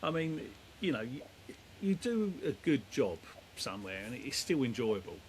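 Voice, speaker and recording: A man's voice: mid-range voice, very animated, moderate pace, a little hiss or hum, low-quality recording. A middle-aged man, a demolition company head, telling stories in a rambling, down-to-earth way. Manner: rambling, down-to-earth, lots of fillers. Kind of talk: casual storytelling chat.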